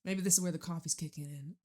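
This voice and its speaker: Woman, tarot reader, relaxed chatty delivery with low-ish pitch, laughs and curses casually. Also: fairly quick, slight background noise.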